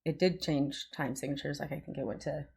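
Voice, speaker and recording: A woman guest musician in a casual music reaction chat, agreeable and quick to affirm. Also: sits low, fairly even intonation, gravelly, darkish tone, husky. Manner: agreeable, frequent short affirmations.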